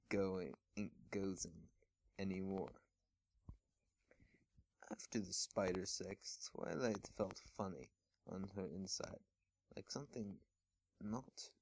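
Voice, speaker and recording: A man's voice: deep voice, darkish tone. A man casually reading fan fiction aloud at home, amused, chuckling and stumbling over words as he goes.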